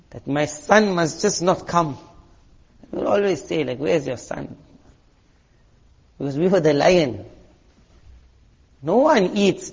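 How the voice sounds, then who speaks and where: A man's voice: fairly high pitch, darkish tone, slightly rough. A man preaching a sermon from South Africa, telling stories with sound effects and acted voices. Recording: dull lo-fi recording.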